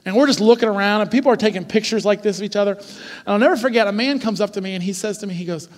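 A man in his forties preaching a sermon, telling stories in a lively, conversational way and often checking in with the congregation. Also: sits high, rapid-fire, long reverb tail. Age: 40s. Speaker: pastor. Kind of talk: sermon with storytelling.

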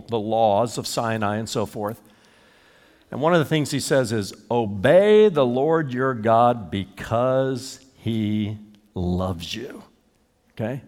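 An older man preaching a sermon as a pastor, emphatic and animated, with chuckles between points. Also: medium pitch. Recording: reverberant hall.

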